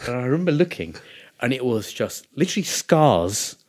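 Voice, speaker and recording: A man hosting a podcast, telling animated anecdotes in casual chat. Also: mid-range voice, normal speed. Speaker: podcast host.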